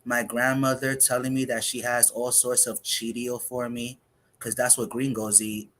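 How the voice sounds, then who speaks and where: A man, a poet of half Dominican and half Puerto Rican heritage who grew up in the United States, performing spoken word poetry in a measured, reflective way with pauses. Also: medium pitch, little pitch movement, a bit bright.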